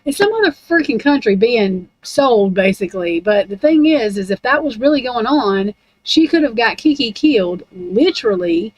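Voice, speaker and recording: A woman's voice: fairly high pitch, sing-song, normal speed, darkish tone, no echo, low-quality recording. A woman in a casual, rambling rant about true crime, blunt and heavy on profanity.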